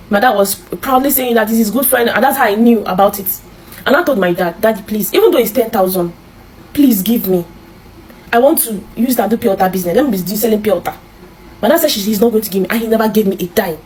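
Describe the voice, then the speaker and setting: A Nigerian woman telling her own life story in an interview, halting and repeating herself, with many restarts. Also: mid-range voice, slight background noise, poor audio. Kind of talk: emotional personal storytelling.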